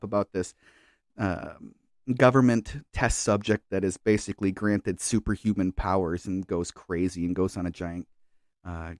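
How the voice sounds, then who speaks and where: Clean, dry studio audio captures this podcast co-host's mid-range, darkish voice. Chatting casually, he rambles along with lots of filler words and false starts.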